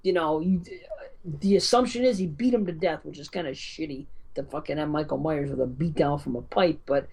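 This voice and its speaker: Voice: medium pitch, fairly quick, creaky, darkish tone, husky. Rambling profane podcast co-host. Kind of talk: casual film review chat.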